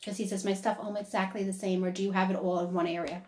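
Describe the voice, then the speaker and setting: Woman medium giving a conversational reading; chatty, animated quoting, recorded in a reverberant room. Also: mid-range voice, very fast. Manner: chatty, relays quotes in lively bursts with frequent laughs. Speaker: psychic medium. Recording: echoey room.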